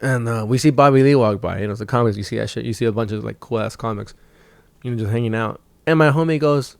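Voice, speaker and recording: A young stand-up comic rambles through a story on his own podcast, cursing freely and getting animated when he quotes people. His voice sits at an ordinary pitch for a man. The sound is dry and close. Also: fast, gravelly, no room sound. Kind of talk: casual storytelling monologue.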